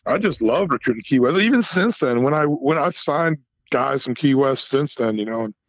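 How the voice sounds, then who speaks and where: A man's voice: mid-range voice, normal speed, no room sound. A man in his fifties, a former football coach, telling stories as a guest, laughing often and acting out what people said. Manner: animated storyteller, laughs often, acts out quotes. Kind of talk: casual storytelling interview. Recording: dull lo-fi phone-call audio.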